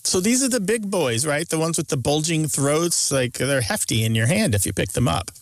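A man's voice: a little high, normal speed, no room sound. Dry-sounding male radio host. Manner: lively, explanatory, stresses words for examples. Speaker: radio show co-host and language expert. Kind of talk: explaining on a call-in radio show. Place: radio studio. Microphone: studio microphone.

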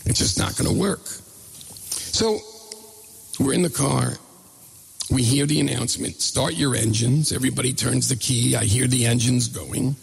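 A middle-aged man telling a comic story in an animated, self-mocking way. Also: mid-range voice, normal speed, pauses often, slight background noise. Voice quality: gravelly. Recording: long reverb hall.

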